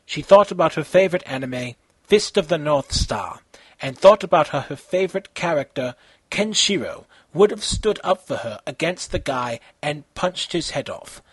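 Storyteller: man reading a fan story, lively pitch, husky, dry close mic. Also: moderate pace, no echo. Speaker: reader.

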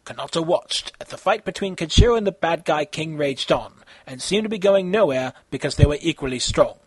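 A man reading his own fan fiction aloud in an amateur, halting way, with slips and self-corrections. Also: fairly high pitch, lively intonation, husky, no room sound.

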